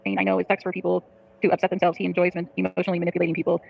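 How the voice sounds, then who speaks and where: Fast, gravelly woman venting to her chat. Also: on the low side, monotone, darkish tone, low-quality recording. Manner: rapid, profane, frustrated venting. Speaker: livestreamer.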